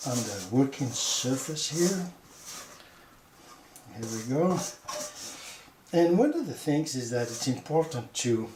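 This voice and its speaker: A man giving a casual bread-making lesson in his kitchen, chatty and unhurried, full of fillers and "see that?". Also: medium pitch, darkish tone. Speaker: home baker teaching bread making. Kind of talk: casual cooking demonstration. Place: home kitchen. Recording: echoey kitchen with clear background noise.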